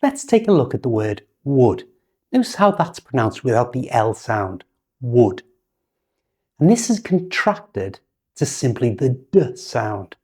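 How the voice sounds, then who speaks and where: British woman, English teacher; patient, unhurried delivery, soft warm tone. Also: a bass voice, big pitch swings, breathy edge. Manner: patient, instructive, over-articulated examples. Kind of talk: slow, clear teaching with model sentences.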